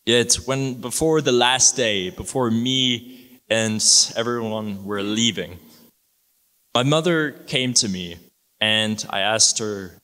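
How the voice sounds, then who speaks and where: A young man giving an emotional personal testimony in halting, restarting sentences. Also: lowish voice, sharp tone. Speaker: testimony speaker. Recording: hall reverb.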